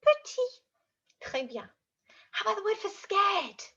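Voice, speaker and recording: A woman teaching French to young children in an animated, exaggerated way, acting out feelings as she goes. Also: very high-pitched, moderate pace, gravelly, dull audio. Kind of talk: children's language lesson.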